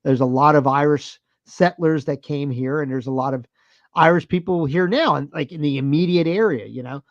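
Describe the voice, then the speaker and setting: A man in his thirties, a podcast co-host, telling a story in a profane, animated, casual way. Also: on the high side, moderate pace, dry recording, dull audio.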